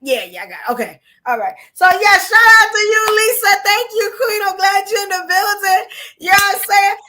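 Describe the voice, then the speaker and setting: A woman's voice: very high voice, fairly quick. A woman hosting a live podcast, chatting casually in slangy talk and reading viewer messages aloud. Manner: animated, slangy, reads super chats aloud. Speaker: podcast host. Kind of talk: casual live-stream chat.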